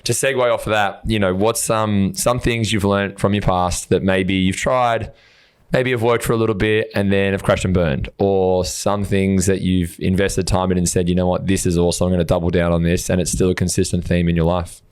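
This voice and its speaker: A man with a very low voice co-hosts a podcast in loose, casual chat. He tells stories animatedly, swears freely, and acts out his reactions. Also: level tone, fairly quick, clean tone. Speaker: podcast co-host.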